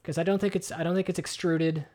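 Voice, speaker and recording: Podcast co-host, male, higher-pitched, meandering and halting, headset mic in a home kitchen. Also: little pitch movement, darkish tone. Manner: rambling, hesitant, many fillers and restarts. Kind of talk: casual podcast chat. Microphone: headset microphone with headphones.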